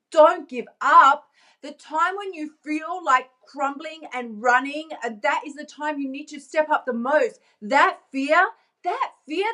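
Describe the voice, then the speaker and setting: Woman, motivational vlog, bubbly, emphatic, slightly high voice, phone mic. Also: a bit bright. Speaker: motivational coach.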